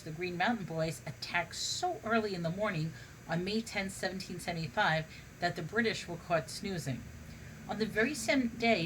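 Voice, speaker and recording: A woman's voice: on the low side, a bit bright, a little hiss or hum, rough recording. Woman reading a funny history book aloud. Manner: stumbles and restarts on words while reading. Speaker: reader.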